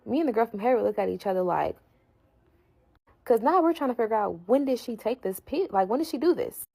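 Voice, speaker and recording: A woman's voice: on the high side, animated, a little fast, creaky, darkish tone, slightly rough, rough recording. A woman telling a story in a casual vlog, blunt, slangy and profane. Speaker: storyteller vlogger.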